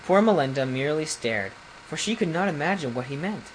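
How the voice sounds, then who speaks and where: A man's voice: a little high, brisk, slight background noise, rough recording. Man reading a fairy tale aloud. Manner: even reading with occasional slips and restarts. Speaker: audiobook reader. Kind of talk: storybook narration.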